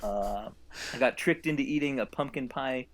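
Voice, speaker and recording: A man's voice: medium pitch, moderate pace, fairly bright tone. A man co-hosting a podcast, ranting in an exasperated comic tone. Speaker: podcast co-host. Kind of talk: comic rant.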